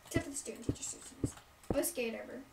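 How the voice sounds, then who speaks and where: High-voiced young woman rambling a story. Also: fast, vocal fry. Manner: rambling, many fillers, side remarks. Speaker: storyteller vlogger. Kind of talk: casual story time. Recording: distant mic, noisy room.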